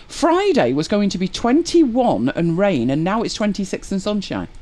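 A woman hosting a live stream, chatting casually with viewers, wry and exasperated with quick laughs. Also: fairly low pitch, a little mellow. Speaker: livestream host.

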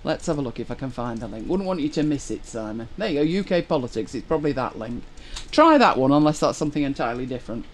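Woman, livestream host, casual chat, lively pitch, wry, exasperated. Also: quick pace, hardly any pauses, a little hiss or hum. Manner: chatty, laughing, wry and exasperated. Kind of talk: casual chat with live viewers.

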